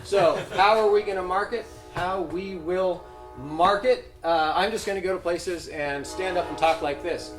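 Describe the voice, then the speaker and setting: A man improvising a comic business pitch, hesitant and full of fillers, often chuckling at himself. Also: normal speed, faint music behind. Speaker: pitch presenter. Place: event room. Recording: echoey room with background noise.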